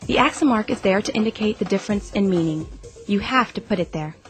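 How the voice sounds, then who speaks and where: A woman's voice: medium pitch, animated, fast, soft background music. A woman reading scripted instructional narration in a plain, explanatory way.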